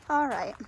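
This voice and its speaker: A homestead vlogger gives a casual tour of her outdoor garden, her voice sitting high over slight background noise. She's chatty, laughs often, and fills her talk with plenty of ums.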